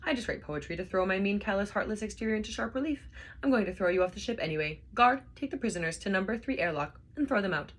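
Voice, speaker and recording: A woman's voice: medium pitch, animated, fast talker, voice pushed up, close to an everyday voice. A woman voicing a mean, pompous alien male captain with a cold, pompous manner in a storybook reading.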